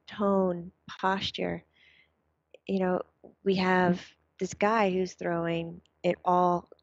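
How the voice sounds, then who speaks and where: A woman talking casually, passing on her son's words in a chatty, animated way with plenty of fillers. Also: on the low side, no room sound. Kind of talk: casual chat. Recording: dull, dry, lo-fi sound.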